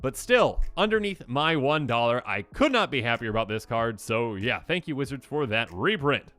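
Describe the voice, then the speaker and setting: Lively, bright-voiced man reviewing cards. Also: medium pitch, normal speed, no room sound. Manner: enthusiastic, chatty, lots of fillers. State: slightly hoarse voice. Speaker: channel host. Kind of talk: casual card review commentary.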